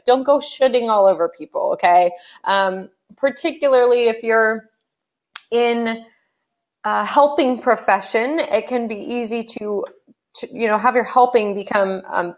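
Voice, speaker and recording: A woman with a Southern Californian accent co-presenting a casual webinar, upbeat and coaching, talking to listeners as "you guys", on a webcam mic. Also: medium pitch.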